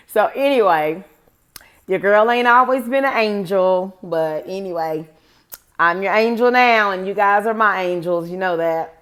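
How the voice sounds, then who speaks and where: A woman's voice: mid-range voice, a little slow, a bit bright. A woman in her forties telling a personal story to her viewers in a chatty, rambling way, often calling them "guys". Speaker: vlogger. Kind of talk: casual storytime to camera.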